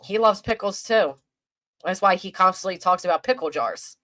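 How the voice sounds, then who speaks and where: A woman's voice: on the low side, normal speed, sharp tone. Crude, mocking woman ranting on stream. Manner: rambling with restarts. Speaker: commentary streamer. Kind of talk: livestream commentary rant. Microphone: desk microphone.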